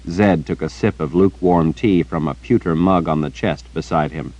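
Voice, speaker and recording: A man narrating a fantasy audiobook in a steady storytelling manner. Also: rumbling low, moderate pace, no room sound, dull audio. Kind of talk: scripted narration.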